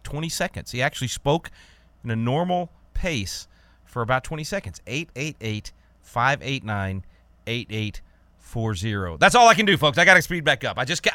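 A man from Texas hosting a talk radio show, talking fast and emphatically with frequent repeated words. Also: mid-range voice, sharp tone, no room sound.

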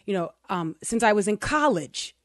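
A middle-aged woman co-hosts a casual talk show and tells a self-deprecating story with plenty of animation, often laughing mid-sentence. Her voice sits at a medium pitch. It is recorded dry and close, with no room sound. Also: expressive, moderate pace, dry recording. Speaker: co-host.

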